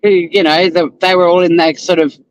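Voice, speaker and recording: With a fairly quick, level-toned voice that sits high, an Australian man hosts a casual live-stream from his car en route to work. A lawyer by trade, he greets viewers by name and swears now and then. The low-quality recording carries slight background noise.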